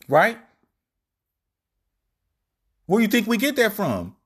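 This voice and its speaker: A man delivering a street-style sermon, animated and slangy. His voice sits high and leaps around a lot, and he acts out the quoted lines in shifting voices. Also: slow, long pauses, slightly rough. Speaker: preacher.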